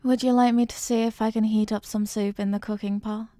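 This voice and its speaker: A woman voicing a clingy, possessive young girlfriend in a whispered role-play, soft and doting. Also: fairly high pitch, level tone, brisk, no echo, lightly acted.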